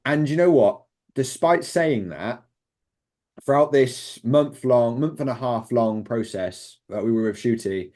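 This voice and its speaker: A man's voice: mid-range voice, warm tone. A young British man talking as an interview guest, telling set stories with lots of fillers. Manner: enthusiastic, rambling, lots of fillers and quoted voices. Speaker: interview guest, former extra. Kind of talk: casual interview storytelling.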